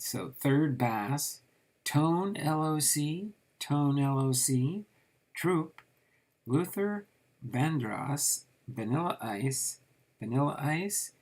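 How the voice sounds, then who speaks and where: A man's voice: medium pitch, husky. A man casually reviewing a set of trading cards, reading names off the cards in a rambling way with many fillers.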